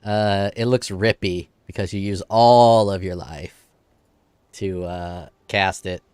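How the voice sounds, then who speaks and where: Forty yr old guy w a clogged nose, nasal and low, cussing casually on stream. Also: steady tone, takes it slowly, a little mellow, clean tone, no echo. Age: 40s. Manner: youthful, edgy, swears casually. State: congested nose. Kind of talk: casual game stream chat.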